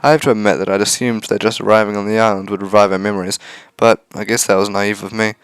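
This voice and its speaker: Low-voiced man reading a visual novel aloud. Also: fairly even intonation, fast, clean tone, dry recording. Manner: casual, joking asides. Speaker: let's play host.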